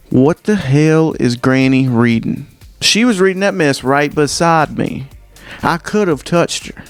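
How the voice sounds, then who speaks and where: A man performing stand-up comedy, rambling through stories in an incredulous, animated way. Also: medium pitch, clear, resonant tone, no room sound.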